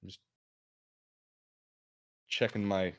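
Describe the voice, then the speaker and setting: A man streaming as he reads a mystery story aloud, with lively, chatty, self-mocking asides. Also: low-pitched, takes it slowly. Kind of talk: livestream read-aloud, casual asides.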